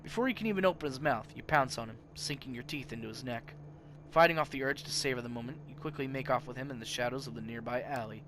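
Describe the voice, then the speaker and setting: Male let's-play host, middle voice, animated story narration, faint background noise. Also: mid-range voice, fast. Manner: animated reading with big swings in loudness. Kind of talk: reading a game's narration aloud.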